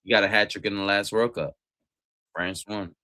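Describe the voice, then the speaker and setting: A man watching a soccer match and reacting live, profane and swinging from shouted outbursts to low muttering. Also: fairly even intonation, normal speed, dry recording, clean studio sound.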